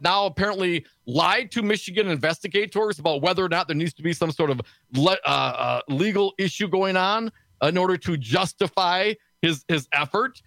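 A man co-hosting a political talk radio show in a studio, sarcastic and snarky, talking fast with lots of restarts. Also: high voice, a bit bright, no room sound.

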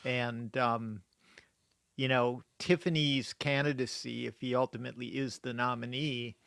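A man's voice: mid-range voice, fairly even intonation, measured pace, gravelly, a bit bright, no room sound, studio quality. A man speaking as a political commentator on a radio panel, thoughtful and hedging with fillers.

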